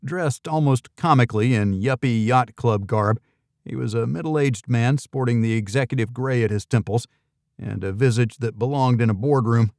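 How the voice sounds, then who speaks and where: A man reads a first-person thriller audiobook at a steady, even pace with a wry edge. His voice sits at a middling pitch, and the recording is dry and close, with no room sound. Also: moderate pace, no echo. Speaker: audiobook narrator.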